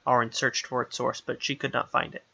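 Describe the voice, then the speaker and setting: A man reads a fantasy story aloud with steady, expressive narration. His voice is bright and clear in tone. The recording is a bit dull and muffled. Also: mid-range voice, brisk. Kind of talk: audiobook narration.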